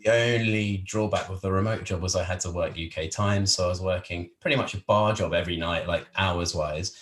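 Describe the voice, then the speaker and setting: Guesting on a podcast, an English-accented man from England speaks in a low, steady, fairly bright voice at a fairly quick pace. His casual interview chat rambles, full of fillers and restarts, in a roomy-sounding space.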